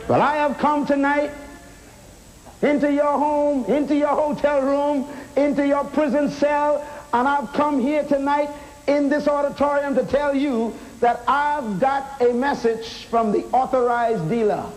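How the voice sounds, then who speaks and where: A man's voice: very high voice, fairly even intonation, unhurried, low-quality recording. A man preaching a sermon in an auditorium, emphatic, asking rhetorical questions and calling the crowd to respond.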